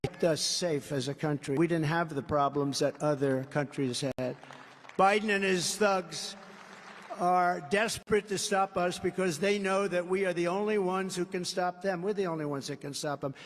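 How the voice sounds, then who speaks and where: A combative older man from the United States speaks at a podium in his seventies, with a voice pitched high for a man. He repeats his points and boasts as he campaigns. A long reverb from the big indoor venue trails each phrase. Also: moderate pace, slight background noise. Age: 70s. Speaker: political candidate. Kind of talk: campaign rally speech. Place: large indoor rally venue.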